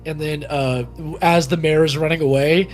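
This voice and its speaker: A man's voice: on the high side, steady tone, moderate pace, faint music behind. A man running a tabletop game, narrating in a loose, casual way. He fills his speech with likes and uhs as he describes the action. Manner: casual, filler-heavy. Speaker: game master.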